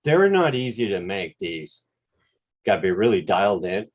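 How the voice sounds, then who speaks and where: Laid-back quebec guy rambling on a video call, bit of swearing, lowish voice. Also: moderate pace. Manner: relaxed, rambling, mild swearing. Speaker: drone channel host. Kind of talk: casual livestream chat.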